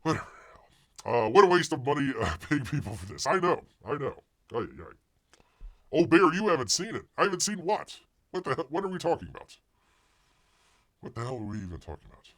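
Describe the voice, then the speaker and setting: Lively sarcastic male stream host. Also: medium pitch, a little fast. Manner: sarcastic, exclaims often, calls himself Bear in the third person. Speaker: livestream host. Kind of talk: live-stream commentary.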